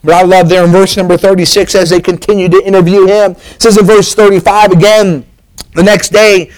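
A man's voice: high-pitched, little pitch movement, brisk, a little mellow, poor audio. A man preaching a sermon, telling a story with an emphatic, rising and falling preaching cadence.

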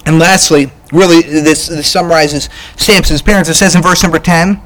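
High-pitched animated male preacher. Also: fairly quick, hardly any pauses, rough recording. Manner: animated, emphatic, frequent "right?" asides. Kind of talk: sermon.

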